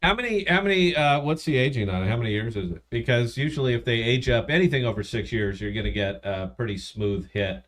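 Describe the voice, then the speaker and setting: A man's voice: mid-range voice, fast talker, few pauses, a bit bright. Joking, rambling man hosting a tasting stream. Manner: joking, teasing, rambling with restarts. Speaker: podcast co-host. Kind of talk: casual chat on a bourbon tasting stream.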